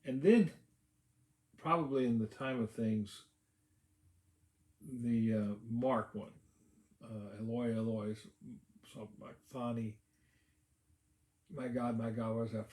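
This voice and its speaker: A man preaching a sermon as a pastor, in a conversational way with many pauses and restarts. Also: mid-range voice, fairly even intonation, darkish tone, reverberant. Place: church sanctuary.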